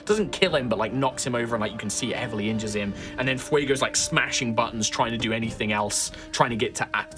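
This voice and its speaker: A man at a mid pitch narrates a tabletop game as game master. He talks loosely, full of fillers and restarts. Music plays clearly behind him.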